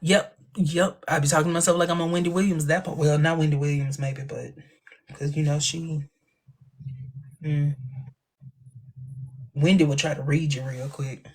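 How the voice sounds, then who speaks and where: A man hosting a casual livestream chat, talking in a chatty, expressive way with playful asides. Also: on the high side, normal speed, pauses often. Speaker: livestream host.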